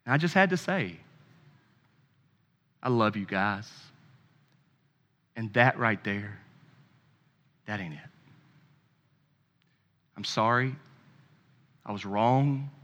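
A man's voice: fairly low pitch, lively intonation, takes it slowly, pauses often, bright, forceful tone, in a large hall. A man preaching a sermon as pastor, emphatic and impassioned, with conversational asides to the congregation.

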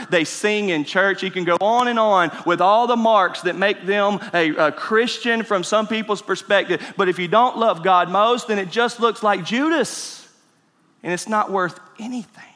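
Male pastor, high voice, emphatic sermon, reverberant church hall. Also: moderate pace. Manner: emphatic preaching, swings between loud and hushed. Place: church sanctuary.

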